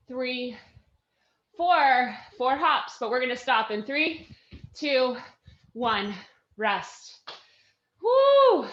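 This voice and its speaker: Woman fitness instructor, high voice, winded, upbeat cheering, measured delivery. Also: a bit bright, roomy sound, highs cut off. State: out of breath. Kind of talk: live workout class coaching.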